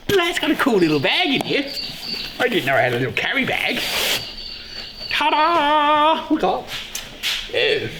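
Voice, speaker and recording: A middle-aged man hosting a casual beekeeping vlog, joking excitedly and swearing freely. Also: very high-pitched. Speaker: beekeeper and show host. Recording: echoey room with loud background noise.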